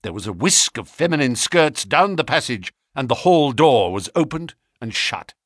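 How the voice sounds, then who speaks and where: A man narrating a classic detective story in a measured, expressive reading. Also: mid-range voice, husky, dry recording, studio quality. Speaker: audiobook narrator. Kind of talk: scripted narration.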